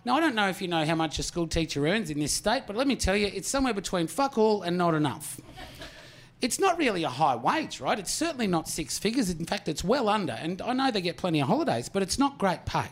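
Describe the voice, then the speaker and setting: An Australian man in his forties performs a stand-up routine with a noticeably high voice for a man. He tells a rambling story, swears freely and keeps turning to the crowd with quick asides. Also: very animated. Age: 40s. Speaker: stand-up comedian.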